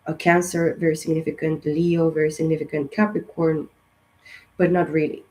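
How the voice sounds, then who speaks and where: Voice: medium pitch, flat delivery, normal speed, a little mellow, poor audio. Rambling tarot reader with a strained voice. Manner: loose and rambling, many fillers and restarts; encouraging, direct. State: voice strained and sensitive lately. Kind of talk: casual astrology reading to camera.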